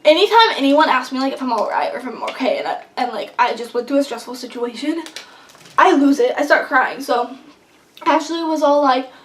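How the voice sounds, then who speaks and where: A young woman vlogger telling a long story in casual chat, rambling and excitable with lots of fillers. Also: high-pitched, a little fast. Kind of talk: casual storytelling while eating. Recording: echoey room, mic at a distance.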